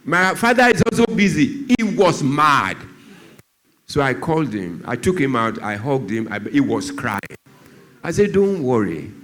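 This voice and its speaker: In a church setting, a Nigerian doctor focused on drug abuse tells stories at a measured pace, his somewhat bright voice full of lively intonation. He performs the dialogue of the people in his tales, moving his pitch around a lot.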